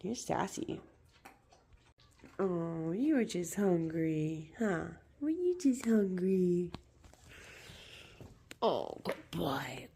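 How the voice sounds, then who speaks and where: A woman talking in a soothing, teasing sing-song to her pet dog, sometimes dropping to a soft near-whisper. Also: fairly low pitch, expressive, slow, a little hiss or hum. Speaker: dog owner.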